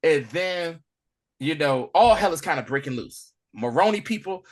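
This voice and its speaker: A man casually retelling a TV episode in loose, slangy speech, animated and acting out bits as he goes. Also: fairly high pitch, normal speed. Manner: animated storyteller, loose and slangy, acts out lines. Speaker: podcast co-host recapping a TV episode. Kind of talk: casual recap chat.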